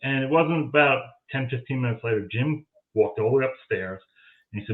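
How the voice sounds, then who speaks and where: A man's voice: medium pitch, fairly quick. A man telling a story in a casual chat, acting out the lines of the people he quotes. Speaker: guest, paranormal audio investigator. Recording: tinny phone-like line.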